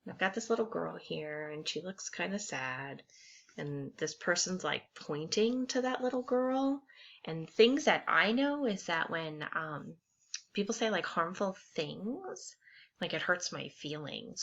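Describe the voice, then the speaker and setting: Brief: a bright-voiced woman teacher reading a picture book to kids, animated and expressive, on a lo-fi recording. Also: lowish voice, normal speed, creaky. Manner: warm, expressive, animated storytelling. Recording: slightly dull lo-fi with faint hiss.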